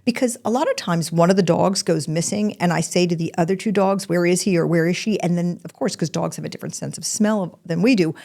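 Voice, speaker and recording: A woman's voice: fairly low pitch, fast, vocal fry, hardly any pauses, dark tone. An older woman hosting a podcast, telling a personal story in a candid, emotional way. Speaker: podcast host.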